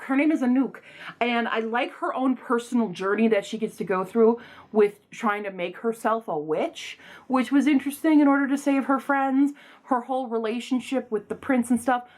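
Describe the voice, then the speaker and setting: Excitable young woman reviewing books. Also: fairly high pitch. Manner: excitable, rambling, gushing with loud outbursts. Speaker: book reviewer. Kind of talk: casual vlog book reviews.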